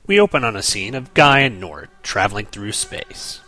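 Bright-voiced man, wry podcast host. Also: lowish voice, very animated, normal speed, soft background music, low-quality recording. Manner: wry, joking asides. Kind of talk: comic book review podcast.

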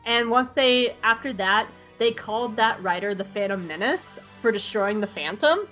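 Woman host chatting an episode recap, jokey and lively, higher voice, kinda muffled. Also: normal speed, faint music behind. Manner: animated, joking, irreverent. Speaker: podcast host.

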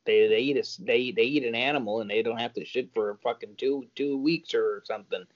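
A man co-hosting a podcast, retelling scenes in a lively, crude comic way. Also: medium pitch, fairly quick. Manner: lively storytelling, crude jokes. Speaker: podcast co-host. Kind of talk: casual comedic chat. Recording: dull lo-fi podcast audio.

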